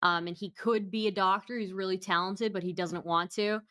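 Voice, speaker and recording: Female panelist, mid-pitched, hesitant with restarts. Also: fairly even intonation, a little fast, fairly bright tone. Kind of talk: casual panel chat.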